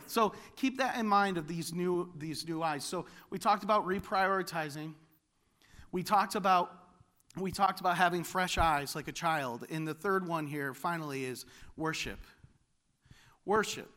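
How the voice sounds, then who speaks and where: A man preaching a sermon as pastor, animated and building to loud exclamations. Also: sits high.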